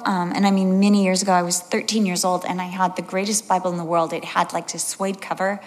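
A woman's voice: medium pitch, long reverb tail. A woman in her sixties preaching a sermon, telling stories with animation and acting out the voices of the people in them. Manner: animated storytelling, acts out voices.

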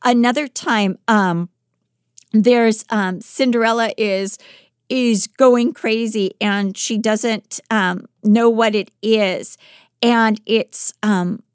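A woman podcast host telling a life story in a lively, dramatic way, acting out the quoted lines. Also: fairly high pitch, takes it slowly, clean tone, no echo, studio quality. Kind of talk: animated storytelling.

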